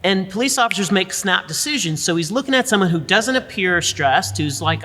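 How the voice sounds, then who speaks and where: A middle-aged American woman speaking as an interview guest, emphatic and animated, drawling "y'all" and checking in with "right?". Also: medium pitch, fairly quick. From United States. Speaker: guest, business school dean. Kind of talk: candid conversational interview. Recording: reverberant room.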